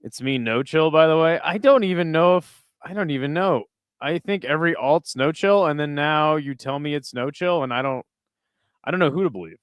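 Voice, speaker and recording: Male streamer, watch-party host, smooth clear voice, close dry mic, foul-mouthed banter with chat. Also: on the high side, moderate pace, dry recording. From United States. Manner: crude, joking, chatting with viewers between fight calls. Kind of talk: casual live-stream commentary.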